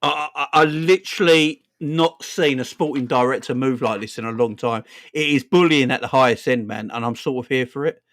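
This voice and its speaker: A young man from England hosting a fan live stream, animated and laughing, with lots of slang and repetition. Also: mid-range voice, moderate pace, few pauses. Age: young adult. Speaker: fan channel host. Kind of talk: casual live-stream chat.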